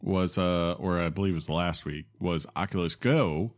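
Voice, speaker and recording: A man with a very low voice co-hosting a podcast in casual chat. He rambles along, full of "um" and "like," restarting his sentences as he goes. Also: normal speed. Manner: rambling, with fillers and self-corrections. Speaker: podcast co-host.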